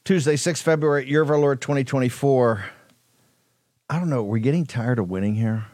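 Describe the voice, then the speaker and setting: A man's voice: mid-range voice, brisk, a little mellow, dry recording. A man hosting a political talk show, delivering a combative, rambling monologue full of emphatic repetition. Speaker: host.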